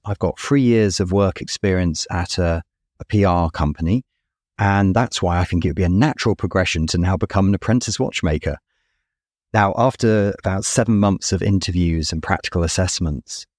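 A man in his thirties telling a story in an interview, with a warm, anecdotal manner and wry asides. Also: low-pitched, dry recording, studio quality. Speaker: guest, watch company founder.

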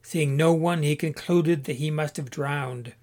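A man reading a story aloud in a steady, measured narration. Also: fairly high pitch. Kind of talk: scripted audiobook narration.

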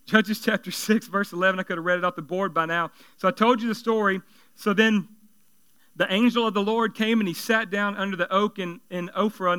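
A man preaches to his congregation in a high, resonant voice. His delivery is animated and conversational. He slips joking asides in between his points. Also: moderate pace, smooth. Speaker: pastor. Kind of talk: sermon.

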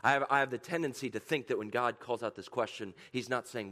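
Male pastor, church sermon, shifts from hushed to soaring and loud, dynamic delivery. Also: medium pitch, fast, few pauses. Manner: swings from hushed, intimate questions to loud, soaring climaxes. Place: church service.

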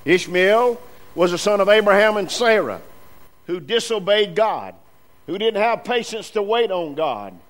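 A man's voice: high voice, very animated, unhurried, fairly bright tone, rough recording. A male preacher delivering a sermon, with emphatic repetitions and emphasis that rises and falls.

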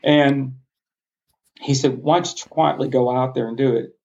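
Podcast guest, middle-aged man, gravelly voice, earnest storyteller, slightly muffled lo-fi sound. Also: mid-range voice, steady tone, darkish tone. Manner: heartfelt, passionate, halting restarts.

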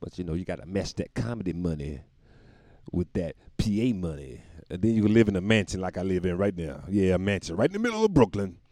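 A man's voice: low-pitched, big pitch swings, fast, warm tone, no echo, clean studio sound. A man delivering a rambling, profane comic monologue, often laughing at his own jokes.

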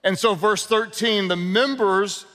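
High-voiced Southern preacher in a big hall. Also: male voice, measured pace. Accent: Southern American. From American South. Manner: energetic, humorous storytelling with crowd call-and-response. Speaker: guest pastor. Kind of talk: sermon. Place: large church auditorium. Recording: long reverb of a big hall.

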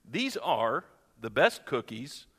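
A man's voice: medium pitch, takes it slowly, slightly rough, in a large hall, voice pushed down, heavily acted. A man as a patient, sensible frog. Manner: calm, reasoning.

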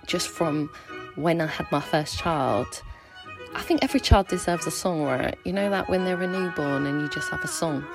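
A woman in her thirties chatting between songs as a home radio DJ, excitable and often dropping into soft half-whispers. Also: low-pitched, gravelly. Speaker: mum hosting a home radio mixtape. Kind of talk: casual chat between songs. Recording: dry close recording with faint music behind.

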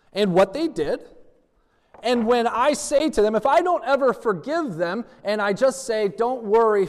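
A man's voice: high voice, in a large hall. A man preaching a sermon as pastor, telling stories and acting out the dialogue of the people in them. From United States. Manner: storytelling preacher who acts out dialogue.

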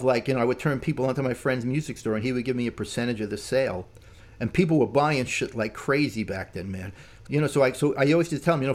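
An older man, a musician, telling stories in casual talk, rambling and full of "man" and "you know". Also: mid-range voice. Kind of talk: casual storytelling.

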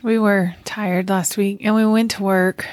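A woman's voice: medium pitch, level tone, a little slow, darkish tone, no room sound, studio quality. A middle-aged woman co-hosting a podcast in casual chat, laughing easily. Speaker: podcast co-host.

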